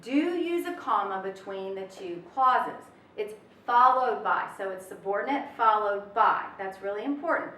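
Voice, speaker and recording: A woman's voice: mid-range voice, very animated, normal speed, hardly any pauses, sharp tone. A woman teaching a recorded test prep lesson in an upbeat, chatty way with folksy asides. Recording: roomy echo, mic at a distance.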